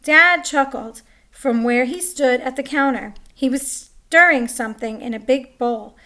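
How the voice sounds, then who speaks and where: Bright, high-voiced woman reading a picture book. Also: unhurried. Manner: chatty, comments on the pictures. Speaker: story reader.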